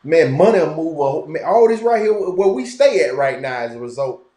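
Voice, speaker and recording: A man's voice: a little high, a little fast, roomy sound. A man with a Southern Florida twang talking emphatically in a casual conversation, repeating himself for effect. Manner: animated, emphatic, repetitive. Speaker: podcast guest.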